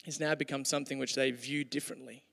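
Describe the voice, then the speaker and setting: A man's voice: medium pitch, little pitch movement, fast, creaky, fairly bright tone. A man giving a conversational, humorous sermon with storytelling, with hesitations, in a hall with long reverb. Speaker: preacher.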